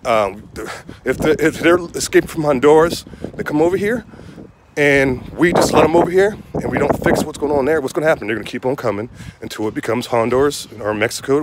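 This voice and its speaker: Outdoors on a windy day, with wind noise in the recording, a young man hosting his own show rants heatedly about politics to viewers. His medium-pitched voice is expressive and a little fast, and he rambles and repeats himself.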